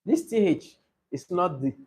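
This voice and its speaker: A man with a high voice and a Nigerian English accent leads a pronunciation lesson. He speaks emphatically and repeats key words so they stick. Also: animated, measured pace, vocal fry, darkish tone, husky. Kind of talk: classroom teaching.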